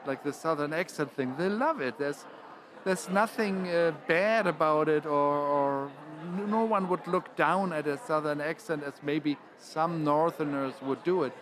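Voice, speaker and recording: A man's voice: a little high, unhurried, crowd noise. A man, speaking as a panel guest and often restarting his phrases. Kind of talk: panel discussion.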